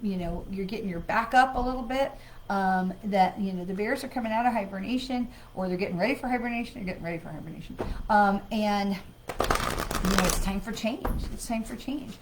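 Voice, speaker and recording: A woman's voice: mid-range voice, a little fast, a little hiss or hum, rough recording. A woman, a psychic medium, hosting a live card reading in a chatty way, with sighs and filler words. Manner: conversational, with frequent fillers and sighs; greets viewers by name.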